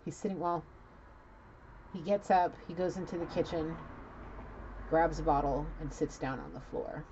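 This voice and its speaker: Woman, intuitive reader, low warm voice, emotional, swears, dull lo-fi recording. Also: normal speed, a little hiss or hum. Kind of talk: channeled reading, casual.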